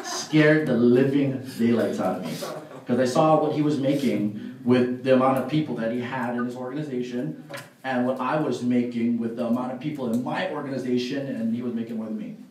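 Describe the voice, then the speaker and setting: A brisk man with a mid-range voice gives a live motivational talk at a sales party, spinning stories full of fillers and frequent laughter. He's an animated storyteller, recorded far from the mic in a very echoey hall.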